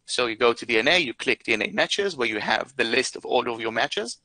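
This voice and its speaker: Bright-voiced man carefully explaining answers. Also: mid-range voice, animated, fairly quick, dry recording, poor audio. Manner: careful, explanatory, many "uh" fillers. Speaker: product expert answering questions. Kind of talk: live Q&A explanation.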